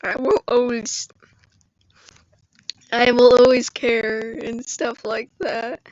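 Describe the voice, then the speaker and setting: A young woman live streaming and chatting casually with her viewers, congested from allergies and prone to emotional high squeals and laughter. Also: level tone, takes it slowly, dry recording, lo-fi sound. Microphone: phone or computer mic.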